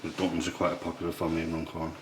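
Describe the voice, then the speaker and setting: A man quietly explaining history as he walks visitors through a museum in an old priory. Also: completely flat delivery, rapid-fire. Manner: hushed, low-key explaining. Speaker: history tour guide. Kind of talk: walking tour vlog. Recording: echoey room with background noise.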